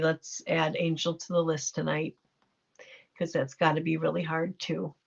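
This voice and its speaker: A woman's voice: on the low side, gravelly, a little mellow. A middle-aged woman hosting a livestream, chatting casually and affectionately as she reacts to viewer comments. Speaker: livestream host reading chat. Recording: dull lo-fi livestream audio.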